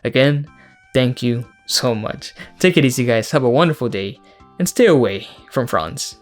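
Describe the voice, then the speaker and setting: A man delivers a scathing, foul-mouthed film review to his viewers. His voice sits at an ordinary middle pitch, and he keeps breaking into mocking laughter. Faint music plays behind him. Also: normal speed. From Mexico. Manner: blunt, profane, mocking, laughs often. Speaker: YouTube host. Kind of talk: casual film review rant.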